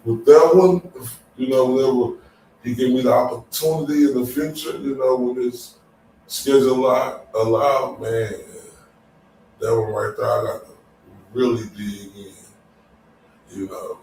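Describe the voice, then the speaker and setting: A show host from Dallas, Texas, leads a casual after-show chat, loose and exclamatory, laughing often. His medium-pitched, dark voice is steady with vocal fry at a moderate pace. The recording has a faint hiss or hum, a very echoey room and a distant mic.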